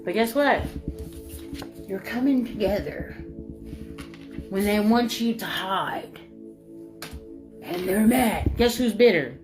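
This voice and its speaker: A woman giving a spiritual reading in an emphatic, repetitive way, swinging between loud and soft. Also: medium pitch, slow pace, long pauses. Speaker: spiritual reader. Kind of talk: spiritual channeling monologue. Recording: music playing behind.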